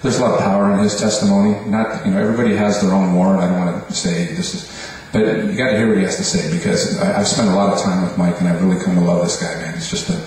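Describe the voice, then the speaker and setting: A man's voice: sits low, little pitch movement, fast talker, few pauses, darkish tone. A man who leads worship at a church, introducing the next speaker in a rambling, hesitant way. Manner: rambling, hesitant, filler-heavy. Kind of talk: casual introduction to a congregation. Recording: echoey hall from far off, faint hum.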